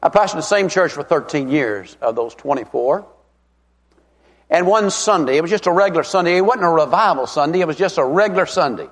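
Emphatic preacher in a hall. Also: male voice, on the high side, animated. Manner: folksy, emphatic, drawn-out stresses. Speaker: evangelist preacher. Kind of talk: revival sermon. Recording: long reverb of a large hall.

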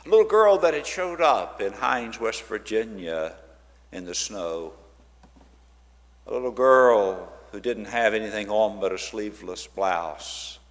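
Unhurried and lowish, a man's voice carries through the long reverb of a big hall. He's delivering a storytelling church talk about a ministry, bringing it to life by acting out the quoted voices of the people involved.

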